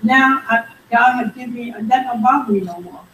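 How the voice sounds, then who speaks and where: A woman leading a Bible study, animated and calling for amens as she reads scripture. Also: fairly high pitch, normal speed, slight background noise. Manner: animated, calls for amen, reads scripture aloud. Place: church room. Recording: roomy, distant mic, faint background.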